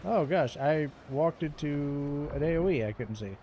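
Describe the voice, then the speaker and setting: A man's voice: a little high, expressive, a little slow, highs cut off, a little hiss or hum. A man streaming a video game, giving chatty, jokey commentary and laughing often. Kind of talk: casual gameplay commentary.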